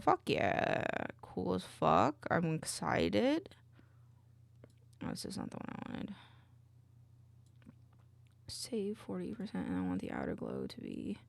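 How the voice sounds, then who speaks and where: Woman streamer, casual chat in a jokey put-on accent; lively pitch, dry close sound. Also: measured pace, vocal fry, pauses often, dry recording. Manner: chatty, reads chat aloud while working; playing up a silly put-on accent.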